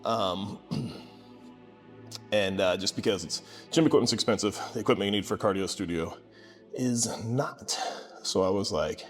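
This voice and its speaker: A man, telling a casual story about starting his gym, sarcastic and lively when he quotes people. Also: on the low side, moderate pace, soft background music. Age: 20s. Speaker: gym owner vlogger.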